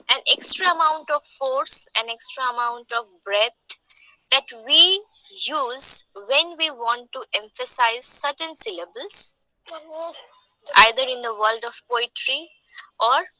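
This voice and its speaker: A woman's voice: high voice, lively intonation, slow, bright, forceful tone, dry recording, low-quality recording. A woman from India with an Indian English accent, teaching a class. She explains patiently, repeats her points and asks the students questions. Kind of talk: online lecture.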